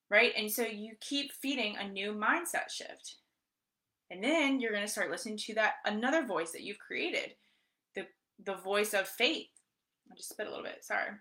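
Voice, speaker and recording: Bright-voiced woman coaching live. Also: mid-range voice. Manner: energetic, repetitive, often asks "right?" and says "guys". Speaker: mindset coach. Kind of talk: live motivational training talk.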